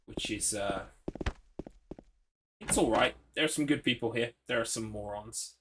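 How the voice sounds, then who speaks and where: An Englishman streams a horror game from his computer, chatting with viewers, reading chat aloud to answer questions, and swearing now and then. His mid-range voice moves a little slowly over background noise, in casual gaming commentary.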